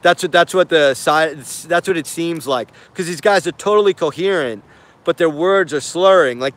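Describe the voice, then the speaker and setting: High-voiced man, hesitant and puzzled. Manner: hesitant, repeats himself, puzzled. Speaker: commentator reviewing video footage. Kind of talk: casual spoken commentary.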